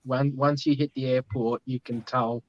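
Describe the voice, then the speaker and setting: Man, measured, monotone, dry dull lo-fi sound. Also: medium pitch, no room sound. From Australia. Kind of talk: casual chat.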